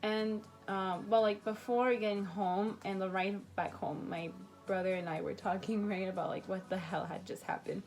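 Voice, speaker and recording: A teenage girl recounts a school story straight to camera in a loose, chatty vlog voice, packed with "like" and casual swearing. Her pitch sits in an ordinary middle range. Faint music plays underneath. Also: fairly even intonation, normal speed, a little mellow. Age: late teens. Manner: casual, filler-heavy, swearing. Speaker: vlogger.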